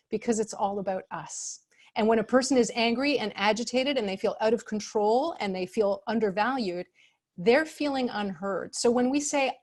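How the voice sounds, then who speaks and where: A woman presenting as an expert in an online workshop, speaking calmly and conversationally with many fillers, acting out example phrases in changed tones. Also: on the high side. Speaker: expert speaker on customer service.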